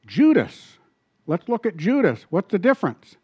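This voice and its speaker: A man preaching a sermon as pastor, animated and asking the congregation questions. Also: high-pitched, moderate pace, breathy edge, no echo, dull audio.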